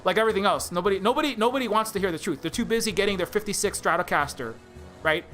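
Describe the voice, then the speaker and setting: An indie game developer ranting in a rambling, profane, sarcastic video commentary. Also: male voice, sits high, racing, pushed and bright, soft background music.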